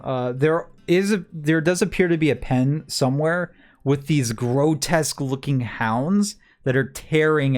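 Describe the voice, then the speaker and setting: A man narrating a tabletop game as game master, in a relaxed way with many "uh" fillers. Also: mid-range voice.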